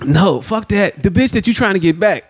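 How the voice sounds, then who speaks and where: A man hosting a podcast, recapping a movie in casual chat with animated, profane storytelling full of acted quotes. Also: high-pitched, normal speed, a little hiss or hum. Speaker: podcast host.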